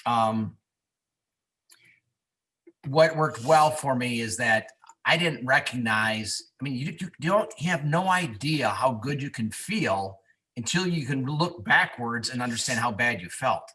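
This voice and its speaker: A man's voice: mid-range voice, expressive, measured pace, bright, forceful tone. A man on a video call telling his story in a candid, self-mocking way. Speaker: guest on a business video call. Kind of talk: casual testimonial chat.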